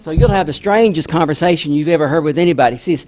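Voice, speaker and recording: A man's voice: fairly high pitch, quick pace, crowd noise. An author telling a story in an address and acting out the people he quotes. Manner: animated storyteller who acts out quoted voices. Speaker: author giving a talk.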